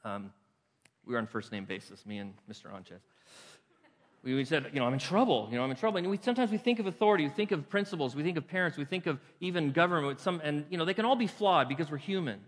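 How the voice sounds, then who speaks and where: A man's voice: fairly high pitch, animated, fast. Earnest male pastor preaching in a reverberant hall. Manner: earnest preaching with rising emphatic peaks and soft closing prayer. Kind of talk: sermon. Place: church sanctuary.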